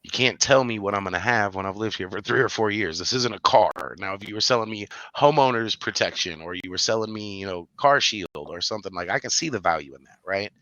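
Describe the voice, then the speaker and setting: Deep-voiced man telling a lively story. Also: quick pace, few pauses, no room sound. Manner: animated storyteller, breaks into high-pitched laughing bursts. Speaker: podcast co-host. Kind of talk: casual chat.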